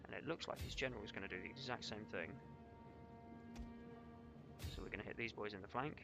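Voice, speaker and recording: A man's voice: lowish voice, fast, loud music behind the voice. Guy streaming a strategy game, chatty, swears a lot, talks his moves through. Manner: casual, swears, jokes with chat. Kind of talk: live gameplay commentary.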